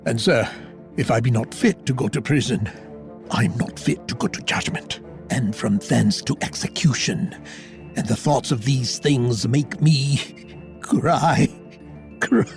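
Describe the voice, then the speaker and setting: A man's voice: mid-range voice, measured pace, natural voice. A man playing an anguished pilgrim car. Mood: fearful. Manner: archaic, solemn pleading. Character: anguished male car pilgrim, burdened and pleading. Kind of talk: radio drama acting. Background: music.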